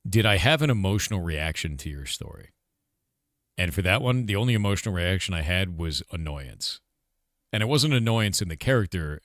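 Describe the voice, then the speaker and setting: Blunt low-voiced game developer streamer. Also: male voice, a bit bright, no room sound, studio quality. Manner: blunt, profane, chatty with filler words. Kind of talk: casual livestream Q&A chat.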